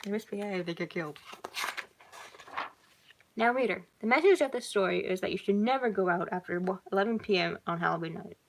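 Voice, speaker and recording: A woman's voice: medium pitch, brisk, vocal fry, long pauses, low-quality recording. A woman casually reading her own horror story aloud, giggling and breaking off to comment on it.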